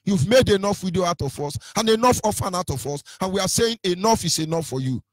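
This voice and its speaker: A man's voice: high-pitched, lively intonation, fast talker, no echo. A Nigerian-accented man presenting on radio in a combative, taunting rant, hurling insults with sing-song lilts.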